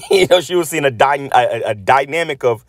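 Man, mid-pitch, preaching rant with heavy swearing, stutters and repeats words as he restarts, dry close sound. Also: huge pitch swings, moderate pace, vocal fry, no echo. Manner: profane, blunt, repeats words while restarting; reads scripture aloud then comments on it. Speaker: religious channel host.

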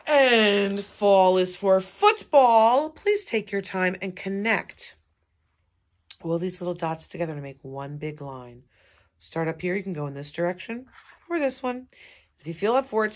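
A woman teaching a recorded remote lesson to young children, animated and sing-song as she coaxes them along. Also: on the low side, normal speed. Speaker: kindergarten teacher.

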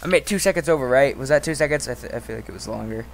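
A man's voice: medium pitch, rapid-fire, gravelly, poor audio. A young man commenting on a game as he plays, frantically repeating no and yelping. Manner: frantic, repeats "no" over and over, sudden yelps. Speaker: gamer. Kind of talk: let's play commentary. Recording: loud steady background noise.

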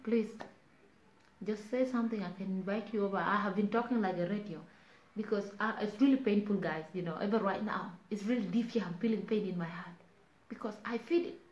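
A woman's voice: medium pitch, brisk, darkish tone. A South Sudanese woman talking earnestly to viewers in a casual live stream, pleading and switching between languages. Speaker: online talk host. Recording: roomy, dull lo-fi sound.

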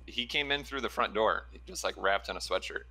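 A man's voice: on the low side, brisk. A man who works as an ER trauma nurse, chatting casually and telling a story with many fillers. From Chicago area. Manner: relaxed storytelling with fillers and laughs. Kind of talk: casual chat.

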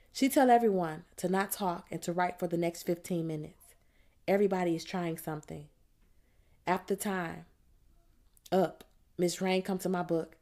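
A woman reads a novel aloud in the first person, keeping her delivery plain and measured. Her voice sits a little below most women's. She sounds steady and unhurried as she narrates. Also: lowish voice. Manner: plain, measured storytelling in the voice of a teenage girl. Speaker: audiobook narrator.

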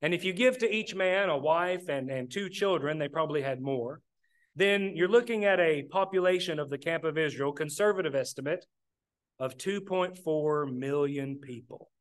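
High-voiced preacher giving a sermon. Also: male voice, normal speed. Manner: plainspoken, addresses the congregation as brethren.

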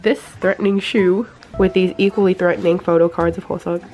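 A young woman chatting casually in a vlog, excitable and gushing, sounding slightly sick. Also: fairly low pitch, fast talker. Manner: excitable, gushing, exclaims often. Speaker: vlogger.

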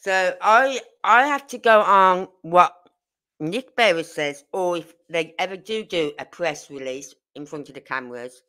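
A woman's voice: fairly low pitch, a little slow, bright, forceful tone. A woman hosting a true crime livestream, rambling and indignant as she reads out viewer comments. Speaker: true crime channel host. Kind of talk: casual livestream chat.

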